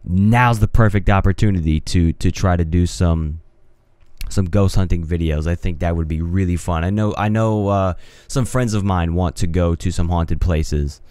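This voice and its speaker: Low, dark-voiced young man rambling. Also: moderate pace, no room sound. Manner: rambling, hesitant, many restarts and fillers. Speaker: podcast host. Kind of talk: casual solo podcast. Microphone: studio mic on a home mixer setup.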